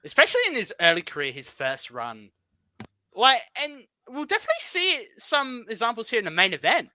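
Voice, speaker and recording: Female co-host, bright voice, swears and ribs the others. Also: on the high side, sing-song, a little fast, no echo. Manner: profane, bantering, calls others mate. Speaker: podcast co-host. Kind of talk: casual chat.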